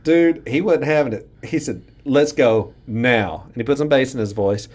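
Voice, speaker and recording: A middle-aged man telling a story in casual chat, animated and acting out quoted lines with big jumps in pitch. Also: fairly quick.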